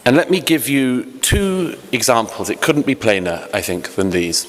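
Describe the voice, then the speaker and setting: This British panel speaker has a mid-range, slightly bright voice and is very animated at a moderate pace. Talking into a podium mic in a big, echoey hotel conference hall with faint ambience, he comes across as earnest, with halting restarts and dry wit.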